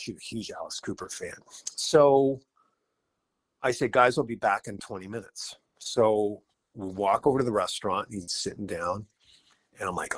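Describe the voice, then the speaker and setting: Lively male guitarist telling stories. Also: fairly low pitch, moderate pace. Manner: animated anecdotes with acted-out quotes. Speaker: podcast guest, rock guitarist. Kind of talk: casual storytelling interview.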